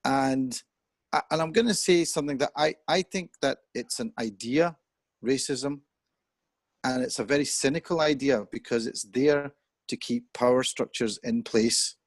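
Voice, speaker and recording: With no room sound in the recording, a man in his fifties appears as a chat show guest in what sounds like a video call. He keeps a mid-range voice and a moderate pace while earnestly reflecting on his views, thinking aloud in a conversational discussion.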